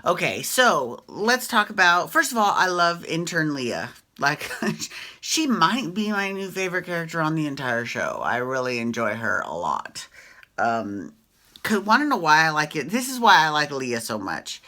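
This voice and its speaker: A woman's voice: sits low, big pitch swings, moderate pace, pushed and bright. A woman hosting a casual reality TV recap, chatty and opinionated, swearing freely and often tagging her points with "right?".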